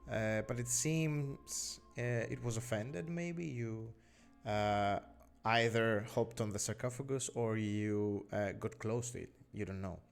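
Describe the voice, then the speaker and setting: A man narrating as game master in an online tabletop game, pausing often with filler sounds as he describes the scene. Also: fairly low pitch, creaky, clear, resonant tone, faint music behind. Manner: unhurried, many filler "uh"s, hedging descriptions. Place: online voice call.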